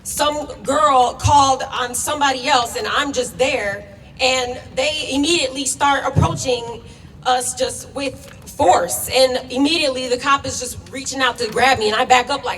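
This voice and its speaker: A young adult woman speaks bluntly and grows heated during a passionate, emotional speech at an outdoor protest. Her voice is high-pitched and a bit bright at normal speed, heard from a distance with echo and faint noise.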